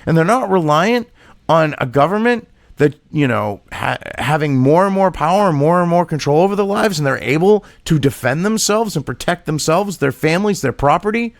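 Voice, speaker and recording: Man, commentary vlogger, ranting and sarcastic, animated pitch, dry close sound. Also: moderate pace, vocal fry, dry recording. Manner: heated, profane and sarcastic; reads an article aloud and rebuts it. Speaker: political commentator.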